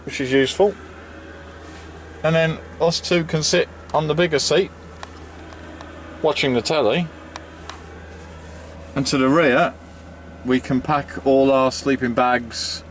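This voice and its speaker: A man of middle pitch talks casually through his family's trip, chatty and practical with a light joking touch. The recording is noisy, with traffic and vehicle sound clearly heard behind him. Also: fairly even intonation, slow pace, pauses often. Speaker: family travel vlogger. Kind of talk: casual vlog narration.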